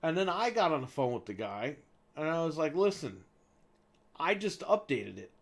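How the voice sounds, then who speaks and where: A man casually telling a long story as co-host of a gaming show, animated and swearing freely as he acts out the people involved. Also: on the high side, normal speed, vocal fry.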